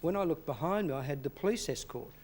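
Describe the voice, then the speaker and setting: An Australian man appearing as a guest on a talk show, telling relaxed stories. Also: a little high, quick pace. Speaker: chef and guest.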